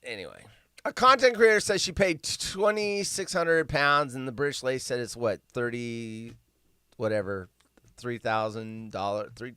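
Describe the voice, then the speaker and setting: On a casual livestream, a man with a mid-range, sharp voice rambles through news stories, reacting with sarcasm and disbelief. He speaks at normal speed, and the recording is clean with no echo.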